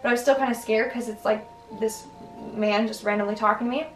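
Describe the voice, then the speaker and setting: A young woman vlogger tells her stories in a loose, rambling way, stuffing them with "like" and restarts. Her voice sits a little high. She sounds set back from the mic in an echoey room, with faint music underneath. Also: fairly even intonation, quick pace, recorded from a distance. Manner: chatty, filler-heavy, lots of "like" and restarts. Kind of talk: casual storytelling.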